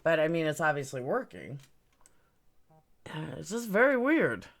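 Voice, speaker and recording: A woman with a low voice runs a casual livestream, speaking unhurriedly with big swings in pitch. Sounding puzzled, she fiddles with her stream settings, rambling about them while greeting viewers by name.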